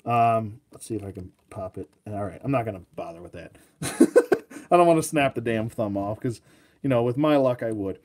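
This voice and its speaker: A man's voice: on the low side, lively intonation, normal speed, darkish tone. Regular guy rambling thru a toy review, lots of ums, jokey and loose. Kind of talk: casual video review.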